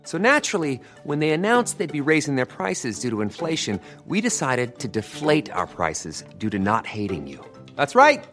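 A man reading a comedic mobile phone ad in a wry, deadpan sales voice. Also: a little high. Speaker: ad spokesman. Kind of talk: comedic radio ad read.

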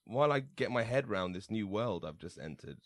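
A man's voice: on the low side, lively intonation, brisk, no echo, studio quality. A British man co-hosting a comedic radio show, playful and giggly, with theatrical introductions. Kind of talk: casual comedic chat.

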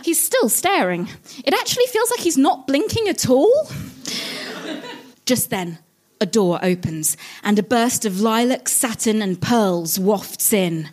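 Woman comedian, reading her own fan-fiction aloud: high voice, animated pitch, giggly and self-mocking. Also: unhurried.

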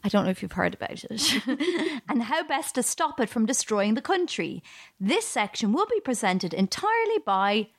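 Her voice sits a little high and swings widely as she jokes. She is a comedian hosting a podcast, sarcastic and quick to laugh, reading scripted bits with comic timing. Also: very animated, no echo, clean studio sound. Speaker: comedian co-host.

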